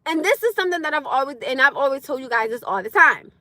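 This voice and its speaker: A young adult woman ranting bluntly on a casual livestream, animated and laughing often. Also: sits high, fast, no room sound. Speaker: livestream host.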